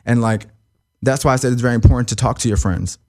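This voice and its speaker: A young man as an interview guest, talking emotionally in a halting, profane way that stumbles and repeats. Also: medium pitch.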